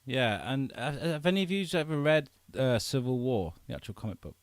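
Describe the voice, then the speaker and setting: A man talking as a guest on a podcast, telling stories in an animated way, acting out quotes and swearing freely. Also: medium pitch, fairly quick, no echo. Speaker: filmmaker guest. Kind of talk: casual podcast chat.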